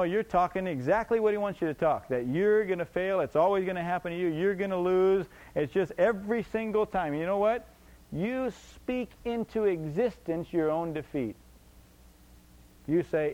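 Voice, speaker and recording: A man's voice: high-pitched, normal speed, a little mellow, highs cut off. A man preaching a sermon emphatically, repeating his points and asking the congregation rhetorical questions.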